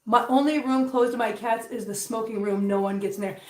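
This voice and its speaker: A woman's voice: on the high side, steady tone, fairly quick, darkish tone, reverberant, far from the mic. A woman vlog host chatting casually as she cleans at home, rambling along and cooing to her cats. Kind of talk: casual chat while cleaning. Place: home, indoors.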